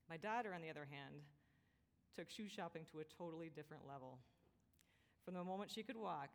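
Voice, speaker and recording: Woman pastor, low voice, gentle reflective sermon delivery, church hall with long reverb.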